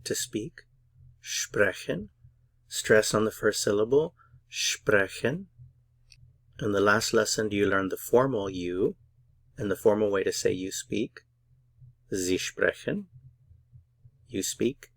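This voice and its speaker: Slow, patient male language teacher. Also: fairly low pitch, no room sound. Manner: patient, drills words syllable by syllable. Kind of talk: slow, careful pronunciation lesson.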